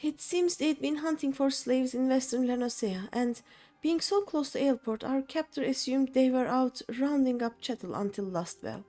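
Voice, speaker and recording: Grateful freed captive, young woman, earnest and polite, a bit higher, read by the streamer. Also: moderate pace, mellow, faint music behind, close to an everyday voice. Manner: polite, pleading. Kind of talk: reading game dialogue aloud.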